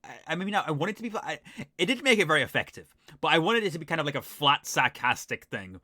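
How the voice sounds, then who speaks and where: A man's voice: on the high side, big pitch swings, fast talker, sharp tone, no echo, clean studio sound. A man with a Northern English accent, rambling and self-deprecating as he reacts to his old video in casual commentary. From Northern England.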